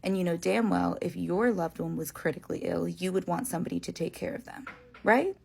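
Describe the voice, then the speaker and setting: A woman's voice: fairly low pitch, fairly quick, creaky, darkish tone, breathy edge. A woman speaking firmly and indignantly about being underpaid. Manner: indignant, firm. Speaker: healthcare worker. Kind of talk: frustrated monologue to camera.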